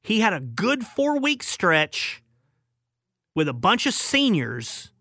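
A man's voice: high voice, wildly swooping pitch, slow pace, sharp tone, dry recording. A male sports radio host giving opinionated, emphatic call-in talk into a studio microphone.

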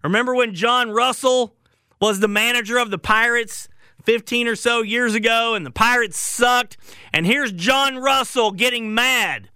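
A man's voice: very high voice, unhurried, sharp tone, smooth, no room sound. A male sports radio host giving opinionated, emphatic call-in talk into a studio microphone.

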